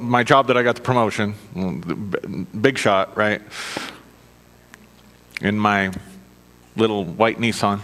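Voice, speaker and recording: A man's voice: lowish voice, a bit bright. A middle-aged man giving a conversational sermon built on personal stories, chatty and self-mocking, often checking in with his listeners. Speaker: minister. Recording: long reverb of a hall.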